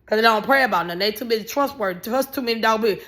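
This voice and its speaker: A woman giving casual, ranting commentary, blunt and animated, swearing freely and raising her voice in bursts. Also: fairly high pitch, racing. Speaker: vlogger.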